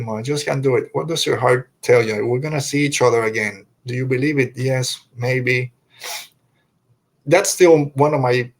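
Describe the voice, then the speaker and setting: Choked-up heartfelt man reviewing a show. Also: mid-range voice. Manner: heartfelt and choked up, sighing, restarting phrases. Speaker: podcast host. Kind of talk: emotional episode review, casual chat.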